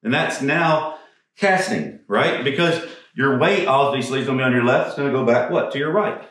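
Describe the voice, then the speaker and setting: A man's voice: mid-range voice, normal speed, fairly bright tone. A male golf coach talks through swing moves while demonstrating them, blunt and casual, with the odd curse. He gets short of breath from the swings. His voice rings in a very echoey space, picked up from some distance off the mic. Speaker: golf instructor.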